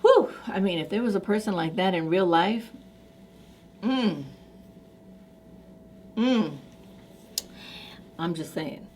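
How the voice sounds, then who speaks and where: A woman's voice: fairly low pitch, fairly quick, hardly any pauses, darkish tone, slight background noise. A woman vlogger chatting casually to camera in an effusive, enthusiastic way, with many fillers.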